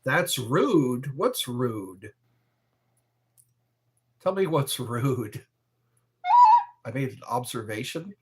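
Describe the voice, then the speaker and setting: A man chatting casually on a live stream from his bedroom, rambling and defensive with drawn-out phrases. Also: medium pitch, very animated, music in the background. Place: bedroom at home.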